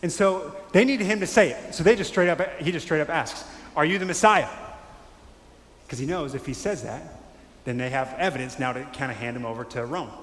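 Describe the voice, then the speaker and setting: A man preaching a sermon in a conversational, animated way, acting out quotes. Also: a little high, fairly quick, hardly any pauses. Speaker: pastor. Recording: echoey hall with faint ambience.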